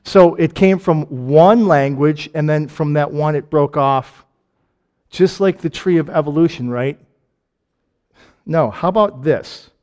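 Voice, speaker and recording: A man with a Michigan accent preaching a conversational sermon, firing off rhetorical questions and jokes and swinging between loud and quiet. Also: on the high side, unhurried. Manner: asks lots of rhetorical questions.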